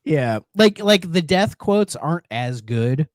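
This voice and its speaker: A man's voice: a little high, takes it slowly, no room sound. A man co-hosting a podcast in a casual chat, telling stories with lots of laughter. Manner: laughs often, animated storytelling. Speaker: podcast co-host.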